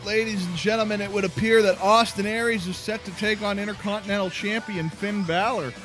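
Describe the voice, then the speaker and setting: A man commentating a wrestling video game in a playful mock play-by-play manner. His voice sits high and sounds bright. Faint music plays underneath. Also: fairly even intonation, fairly quick.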